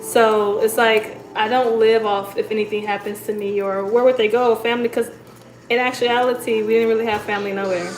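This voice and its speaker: A woman chatting casually on a livestream, reading comments and telling stories in a relaxed, talkative way. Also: a little high, fairly quick, reverberant, soft background music, rough recording. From United States. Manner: chatty, storytelling, reads comments aloud. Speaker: livestream host. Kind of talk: casual live chat.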